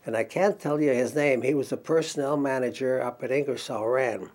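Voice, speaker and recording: A man's voice: medium pitch, fairly quick, a little mellow. Older man telling career stories. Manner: reminiscing storyteller acting out dialogue, chuckling. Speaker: interviewee recalling career as counselor. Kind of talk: oral history interview.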